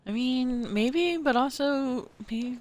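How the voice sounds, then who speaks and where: A woman's voice: high voice, takes it slowly. A woman streamer making offhand, wry asides while playing a game live. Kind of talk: casual live gameplay commentary.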